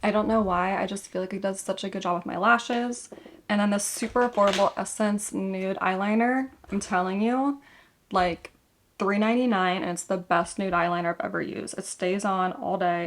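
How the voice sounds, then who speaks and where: Young female beauty vlogger, casual tutorial chat, gravelly fry, mid-pitched. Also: fairly even intonation, fairly quick. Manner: chatty, rambling, self-correcting. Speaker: makeup vlogger.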